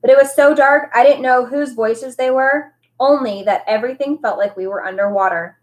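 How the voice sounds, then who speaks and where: A woman who teaches, reading a novel aloud with expressive storytelling. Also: high voice, moderate pace.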